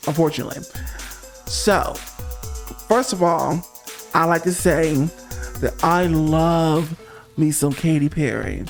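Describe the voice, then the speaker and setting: A man with a fairly high voice hosts a pop music review, talking straight to the camera. He is sassy and emphatic. Soft music plays faintly behind him. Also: takes it slowly, creaky, pauses often. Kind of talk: casual opinionated monologue.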